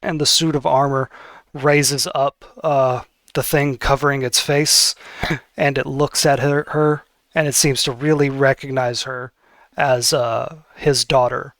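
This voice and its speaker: A man's voice: medium pitch, level tone, a little slow, a bit bright, no room sound. Hesitant man running a tabletop game. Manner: hesitant, with many fillers. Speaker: game master.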